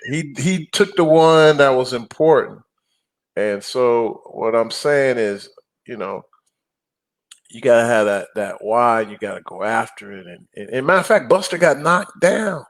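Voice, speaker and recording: A middle-aged man talking casually as a guest, an animated storyteller who acts out quotes and growls for emphasis. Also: medium pitch, normal speed. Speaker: guest, apartment investor. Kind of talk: casual interview talk.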